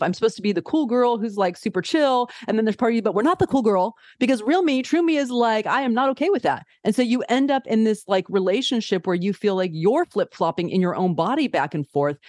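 Brief: woman therapist, podcast guest, lively chat, dry mic. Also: medium pitch, no echo. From California. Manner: animated, acts out inner voices.

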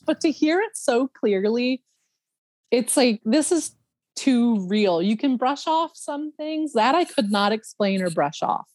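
A woman, a podcast guest, telling a personal story in a casual, animated way, laughing often and imitating other people's voices. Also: fairly high pitch, unhurried, no echo.

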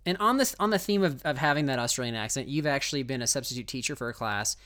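A man's voice: medium pitch, animated, quick pace, bright, forceful tone. A middle-aged man hosting a casual podcast, teasing his co-host and restarting his sentences often.

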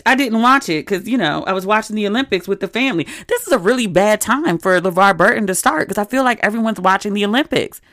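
A woman's voice: medium pitch, fast talker, few pauses, no room sound, clean studio sound. Chatty woman hosting a podcast. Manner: animated, conversational storytelling with asides. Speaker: podcast host. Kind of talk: casual solo chat.

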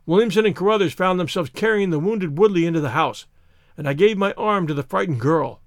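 Male narrator with a fairly high voice. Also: fairly quick, dry recording, clean studio sound. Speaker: audiobook narrator. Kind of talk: scripted narration.

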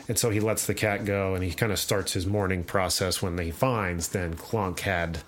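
Lowish-voiced male host telling a story. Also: measured pace, hardly any pauses, faint music behind. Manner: animated storyteller, acts out voices. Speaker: podcast host. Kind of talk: casual chat, retelling a comic.

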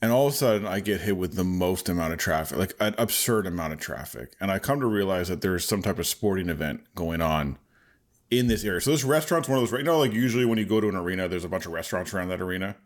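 Deep-voiced man telling a story. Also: fast talker. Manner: storytelling, animated, laughs often. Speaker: podcast co-host. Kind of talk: casual chat.

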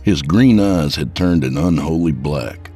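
Deep-voiced male narrator for horror fiction, measured, faint music bed. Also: animated, mellow, breathy edge. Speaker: storyteller.

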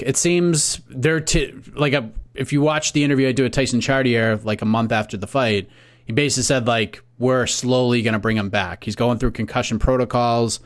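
An American man co-hosting a casual sports podcast, calmly reading through lists of fight matchups. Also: medium pitch. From United States. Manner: relaxed, reads lists of matchups. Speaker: podcast co-host.

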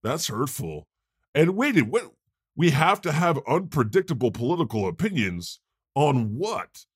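A man's voice: fairly high pitch, breathy edge, no room sound, clean studio sound, heavily acted. A man playing God, a chatty male deity who hosts an improvised comedy podcast. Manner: conversational, quick to laugh, animated. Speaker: host.

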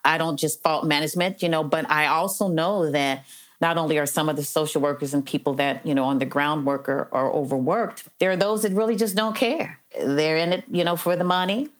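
A middle-aged woman with a low voice speaks in an interview. She tells her stories earnestly and from the heart, often dropping in "you know.". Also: steady tone, fairly quick. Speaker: interview guest, probation officer. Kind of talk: conversational storytelling interview.

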